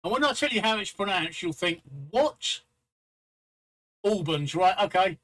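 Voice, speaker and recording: High, bright-voiced man chatting. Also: animated, fast talker, low-quality recording. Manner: chatty, teasing, repeats himself. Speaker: stream host. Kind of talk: casual live-stream chat.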